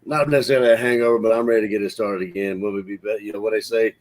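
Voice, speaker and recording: A man's voice: on the low side, steady tone, very fast. A man with a Southern US accent, guest co-hosting a sports podcast in a laid-back, folksy way. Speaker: guest co-host. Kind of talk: casual sports podcast chat.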